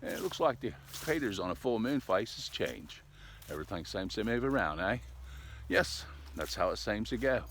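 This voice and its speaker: This older vlogger talks to a camera set up outside on a cold day, rambling along in a relaxed, folksy manner. His voice is on the low side and a bit bright, with big pitch swings and a normal speed, and there's slight background noise.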